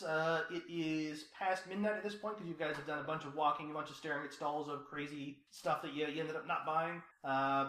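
Bright-voiced man running a tabletop game. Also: fairly high pitch, roomy sound. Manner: rambling, restarts, wry. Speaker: game master.

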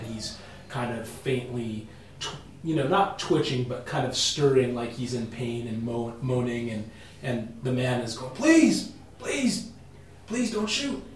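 A man's voice: mid-range voice, slight background noise. A man narrating as game master in a chatty way, laughing often and restarting sentences. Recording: echoey room, mic far off.

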